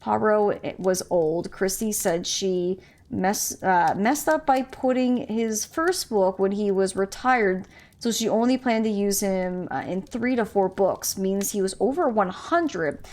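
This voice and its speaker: Woman gamer, casual, reads text aloud, muses, mid pitch. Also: slow pace, darkish tone. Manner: chatty, musing, stumbles over names. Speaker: game streamer. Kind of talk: casual gameplay commentary, reading in-game text aloud.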